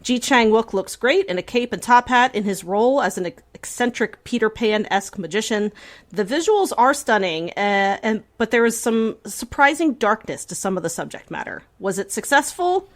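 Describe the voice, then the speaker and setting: A woman's voice: fairly high pitch, expressive, moderate pace. A woman co-hosting a podcast, reading a prepared summary and chatting casually in a wry manner. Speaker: podcast co-host. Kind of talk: casual chat and scripted intro reading.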